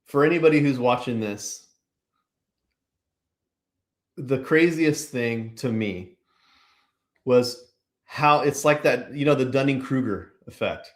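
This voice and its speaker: A man's voice: mid-range voice, a little slow. A man from Pennsylvania, a podcast guest, talking casually and rambling with lots of "like" and "you know". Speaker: podcast guest, business owner. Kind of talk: casual conversational interview.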